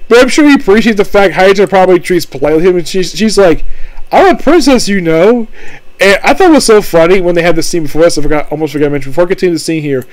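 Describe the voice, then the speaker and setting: Rambling high-voiced man reviewing anime. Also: expressive, rapid-fire, hardly any pauses, no echo, low-quality recording. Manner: rambling, full of fillers like "basically" and "of course". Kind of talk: casual spoken review.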